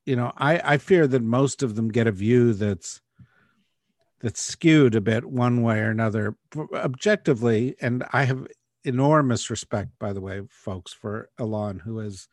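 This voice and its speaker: A man hosting a podcast interview, introducing guests with many halting fillers. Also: mid-range voice, no echo, studio quality. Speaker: podcast host. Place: New York City.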